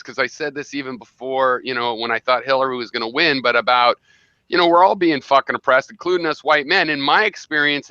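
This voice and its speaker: Insistent man with a bright voice. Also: mid-range voice, clear, resonant tone, no room sound. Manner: insistent, explains with long restarts. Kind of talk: political discussion. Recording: dull, dry lo-fi recording.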